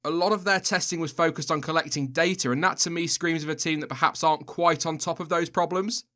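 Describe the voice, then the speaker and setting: Young male host, fairly high bright voice, casual opinionated solo commentary. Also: steady tone, fast talker. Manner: chatty, opinionated, self-deprecating asides. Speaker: F1 video host.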